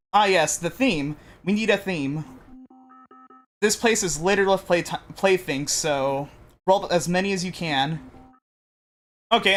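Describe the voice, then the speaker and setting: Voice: medium pitch, a bit bright, lightly acted. A gamer reading aloud the lines of a nervous, guilt-ridden robot during a let's play. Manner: reading game dialogue aloud. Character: anxious guilt-ridden robot that wants to hide.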